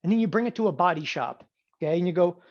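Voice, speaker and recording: A man teaching an options trading class, animated and sarcastic, often acting out students' voices. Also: sits high, quick pace. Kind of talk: classroom lecture. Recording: dull lo-fi sound.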